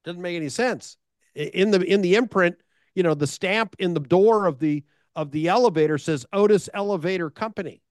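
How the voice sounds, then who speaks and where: A middle-aged American sales speaker tells stories in conversation, repeating words and posing rhetorical questions. His voice is high-pitched, a little fast and a little mellow, recorded studio-quality with no echo.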